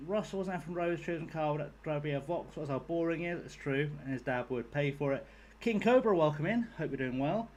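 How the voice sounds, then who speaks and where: A man's voice: fairly high pitch, a little mellow, slight background noise. A young man streaming a game, chatting casually with his viewers, rambling, joking and swearing freely. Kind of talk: casual live-stream chat.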